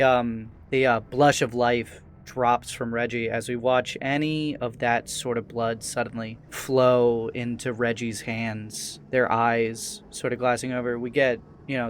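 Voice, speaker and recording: A man's voice: medium pitch, a little hiss or hum. A man playing a tabletop role-playing game, describing his character's actions in a casual, hesitant way. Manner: casual, hesitant, lots of fillers. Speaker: player.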